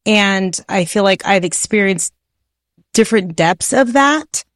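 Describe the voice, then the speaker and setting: A woman speaks in a heartfelt, emphatic way, sometimes rushing ahead in quick bursts. Her voice is mid-pitched and sounds close and dry, with no echo around it. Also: lively intonation. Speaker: podcast co-host, wife. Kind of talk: faith-based podcast conversation.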